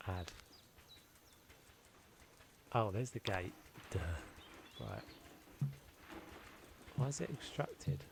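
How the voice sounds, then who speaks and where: A man's voice: lowish voice, animated, very slow, pauses often, noisy background. Man muttering through his gameplay. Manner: muttering to himself, self-deprecating, chatty. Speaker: gameplay video creator. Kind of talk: thinking-aloud gameplay commentary.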